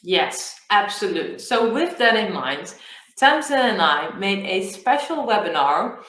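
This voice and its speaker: A woman's voice: medium pitch, sing-song, unhurried, fairly bright tone, roomy sound, poor audio. A woman co-hosting a business podcast, chatting casually with a lot of restarts. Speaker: podcast co-host.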